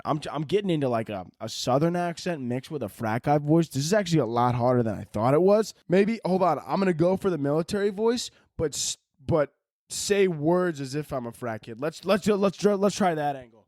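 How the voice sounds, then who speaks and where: A man's voice: mid-range voice, expressive, fairly quick, a little mellow, dry recording, clean studio sound. Rambling man with a crude sense of humor. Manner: rambling, crude jokes, self-mocking. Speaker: podcast host. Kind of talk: solo podcast chat.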